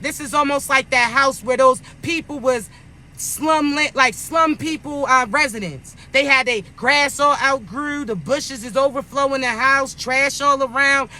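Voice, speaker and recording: A man's voice: very high-pitched, bright, forceful tone. A man giving a casual spiritual pep talk in a blunt, profane, scolding manner. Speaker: spiritual content creator.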